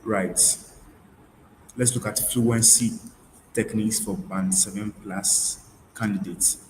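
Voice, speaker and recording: A man with a fairly low voice gives a webinar lesson. He restates each point and often stops to restart with fillers. The room sounds roomy, with a faint hiss behind him. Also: fairly even intonation, slow pace, darkish tone. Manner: repeats key points, frequent fillers and restarts. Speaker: IELTS tutor. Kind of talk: webinar lecture.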